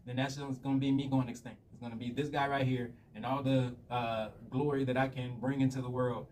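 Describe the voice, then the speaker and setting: Guy ranting fast and cussing a lot, kinda far from the mic, faint room hum. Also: medium pitch, little pitch movement, darkish tone. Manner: profane, rambling storyteller. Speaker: vlogger. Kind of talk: casual rant monologue. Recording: slightly distant mic with faint room noise.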